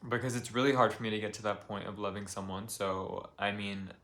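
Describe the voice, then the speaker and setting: A young man from the United States speaks in a calm, fairly low voice, recording a confessional vlog in his apartment. He rambles softly, piling up fillers as he talks things through. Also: fairly quick. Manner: calm, soft-spoken, rambling with many fillers. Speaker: vlogger.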